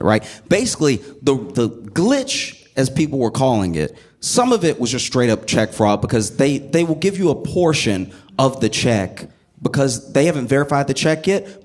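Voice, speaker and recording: A man telling a stand-up comedy bit with animated storytelling, the audience laughing along. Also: mid-range voice.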